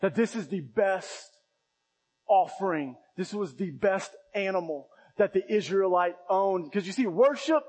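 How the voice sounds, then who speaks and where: A man preaching a sermon as pastor, impassioned, swinging between loud emphatic runs and quiet low asides. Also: expressive, a little slow, in a large hall, rough recording. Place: church sanctuary.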